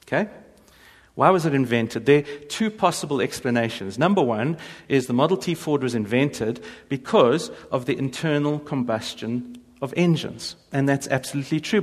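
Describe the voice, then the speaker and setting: Man, humorous faith talk, storytelling with impressions, mid pitch, long hall reverb. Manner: storytelling with jokes and quick impressions. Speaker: speaker.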